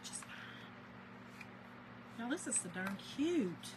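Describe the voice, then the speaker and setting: A woman's voice: big pitch swings, takes it slowly, background noise. Chatty Southern woman crafting live. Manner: chatty, greets viewers by name in a high sing-song. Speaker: livestream crafter. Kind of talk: casual live-stream chat.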